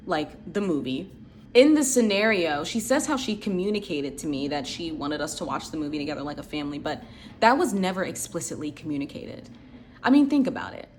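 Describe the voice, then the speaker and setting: A woman's voice: on the low side, a little hiss or hum. A woman in her late twenties, hosting a channel and telling personal stories in a reflective, conversational way with lots of "like" and "um.". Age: late 20s. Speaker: channel host. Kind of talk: personal storytelling commentary.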